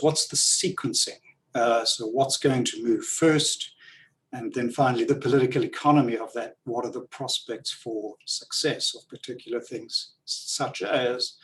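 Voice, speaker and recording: A man of middle pitch moderates an online panel discussion over a video call. He speaks in a measured, deliberate way, with frequent fillers and restarts. His voice sounds a little distant from the microphone. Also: a little hiss or hum. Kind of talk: webinar moderation. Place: Canberra, Australia.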